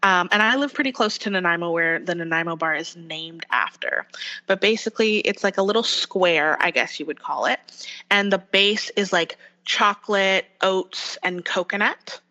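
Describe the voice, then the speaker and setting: A woman's voice: lowish voice, normal speed, bright, forceful tone, muffled recording. A woman with a West Coast Canadian accent, an actor chatting as a podcast guest, upbeat and full of fillers. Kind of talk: casual podcast interview.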